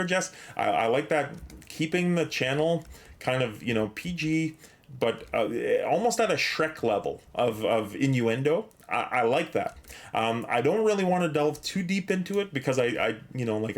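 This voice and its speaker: This medium-pitched man is streaming a game and chatting casually. He's slightly breathless while thanking viewers and reading chat, rambling along with lots of fillers and restarts.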